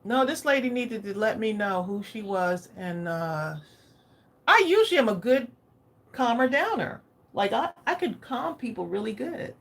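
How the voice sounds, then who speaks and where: A woman's voice: on the high side, big pitch swings, moderate pace, vocal fry. A woman hosting a craft livestream, chatting casually and often asking viewers what they think. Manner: chatty, keeps asking viewers their opinion.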